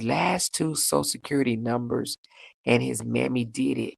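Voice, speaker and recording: A woman hosting a casual livestream, reading viewer comments aloud in a sassy, animated way, laughing often and jumping up in pitch for emphasis. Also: normal speed, creaky, husky, no echo, studio quality. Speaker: livestream host.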